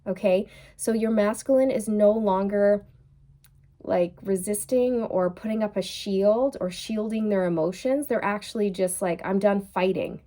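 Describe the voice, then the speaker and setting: Tarot reader, woman, unhurried delivery, soft mellow tone, repeats herself, laughs off slips. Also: medium pitch. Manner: loose and chatty, repeats phrases, laughs at her own slips. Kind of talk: tarot card reading monologue.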